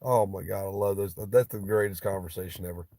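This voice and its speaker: A man with a low, gravelly voice chats casually with his livestream viewers, blunt and swearing freely. He is from Ohio and jokes around as he talks. The sound is dry and close, with no room echo. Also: fairly even intonation, brisk, warm tone. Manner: profane, blunt, joking. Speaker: livestream host.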